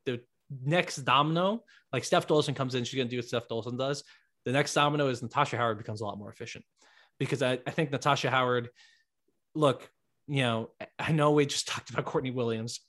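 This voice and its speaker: A man's voice: medium pitch, a bit bright. A man hosting a podcast in casual chat, talkative and enthusiastic. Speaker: podcast host.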